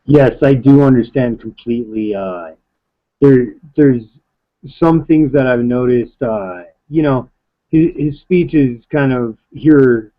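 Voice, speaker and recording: A man hosting a live broadcast, chatting casually about his young son in a halting, hesitant way. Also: medium pitch. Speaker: father and stream host. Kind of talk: casual chat. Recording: dull lo-fi sound.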